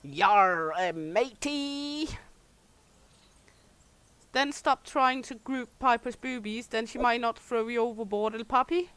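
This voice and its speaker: A woman's voice: fairly high pitch, fairly even intonation, normal speed, few pauses, fairly bright tone, clean tone, dry recording. Playful, bawdy woman streamer. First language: Danish. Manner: bawdy, playful, swears freely, laughs often. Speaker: game streamer. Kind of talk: casual livestream chat with viewers.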